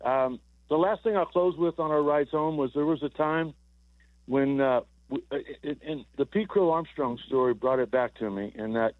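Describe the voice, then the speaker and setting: Over a thin, dry telephone connection, a man in his sixties who once played baseball tells rambling stories on a sports radio call-in, often repeating words and laughing softly. His voice is slightly high, at a moderate pace, with no echo.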